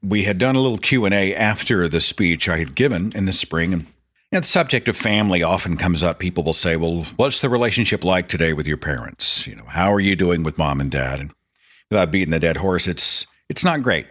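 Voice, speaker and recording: A male podcast host talking off the cuff in a loose monologue, his lowish voice swinging widely in pitch as he jumps between stories. He pokes fun at himself as he goes. Recorded close on a studio mic. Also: fairly quick. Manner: rambling, animated, self-deprecating storyteller. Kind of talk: casual stream-of-consciousness monologue.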